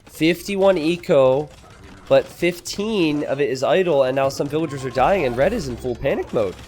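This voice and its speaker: Excitable man commentating a strategy game. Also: on the high side, moderate pace. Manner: excitable, laughs and exclaims at blunders.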